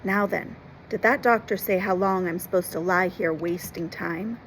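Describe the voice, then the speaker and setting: A woman's voice: fairly low pitch, normal speed, noisy background, close to an everyday voice. A woman reading aloud, voicing an ailing old male sea captain who growls and presses urgent warnings. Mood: gruff urgent.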